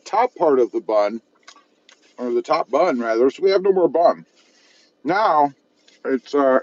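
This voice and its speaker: In lo-fi sound, a South Texas man with a mid-range, somewhat mellow voice chats casually on a live stream. He hosts a car channel and sits in his parked car at a fast-food restaurant, eating and reading the live chat aloud in a relaxed, self-deprecating manner.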